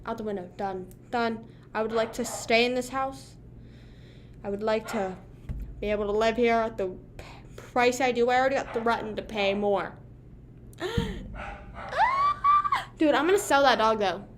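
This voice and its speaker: A woman's voice: on the high side, moderate pace, a little hiss or hum. Slangy chatty young woman streamer. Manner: chatty, slangy, lots of "like" and "bruh". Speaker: livestreamer. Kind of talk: casual chat with viewers. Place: home room.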